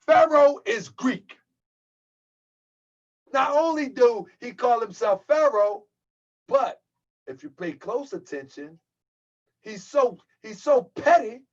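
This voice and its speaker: A man's voice: extremely high pitch, expressive, slow, lo-fi sound. A man hosting his own channel, delivering a heated, mocking rant and calling his viewers family. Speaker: channel host. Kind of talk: livestream rant.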